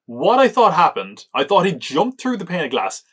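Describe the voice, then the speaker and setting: Reviewing a film on his podcast, a man talks at a moderate pace in a husky, slightly bright voice that sits on the high side and swoops wildly in pitch. He's loose and chatty, mocking the movie with lots of "like" and frequent chuckles.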